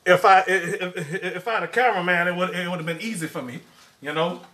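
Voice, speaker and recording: A man hosts a casual cooking live stream from his home kitchen, stammering and chatting with viewers. His voice is high and bright. He is a bit away from the mic in an echoey room. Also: steady tone, a little fast, distant mic. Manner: stammering, repeats words, addresses viewers as y'all. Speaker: cooking show host.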